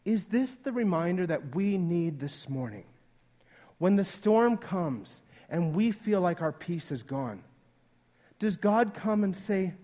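Man, pastor, high voice, chatty sermon, acts out quotes. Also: animated, unhurried, darkish tone. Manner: conversational, acting out quoted voices.

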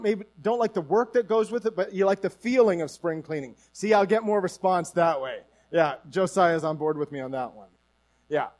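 High-voiced pastor with Newfoundland accent. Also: male voice. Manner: conversational, folksy, asks the congregation questions. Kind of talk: sermon.

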